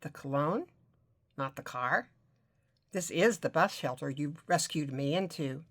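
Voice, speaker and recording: An easygoing young man with a smooth Southern drawl, deep and unhurried, who teases gently and stays friendly, as a woman with a low voice reads him aloud. He is a storybook character, relaxed and charming.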